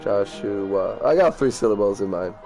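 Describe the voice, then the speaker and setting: A man's voice: fairly low pitch, fairly even intonation, a little slow, a little mellow, soft background music. A man casually commenting on a game he plays, reading its lines aloud, rambling, swearing and stumbling over hard words. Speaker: let's play gamer.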